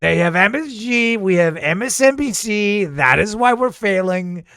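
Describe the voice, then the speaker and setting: High, lively, gravelly-voiced man mocking the news. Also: measured pace, dry recording. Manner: crude, mocking, sarcastic. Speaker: streamer reacting to news. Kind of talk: casual live-stream commentary.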